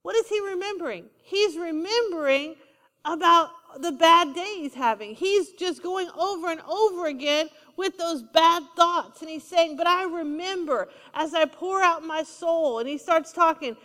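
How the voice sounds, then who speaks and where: Woman, sermon, high-pitched, emphatic repetition, long church reverb. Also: measured pace, sharp tone. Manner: emphatic, repeats key lines, asks the congregation for responses. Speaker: preacher.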